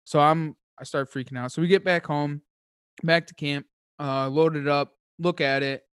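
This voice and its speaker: A man telling a hunting story as a podcast guest, excitable and rambling, with lots of high energy. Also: moderate pace, smooth, dry recording, clean studio sound. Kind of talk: casual chat, hunting story.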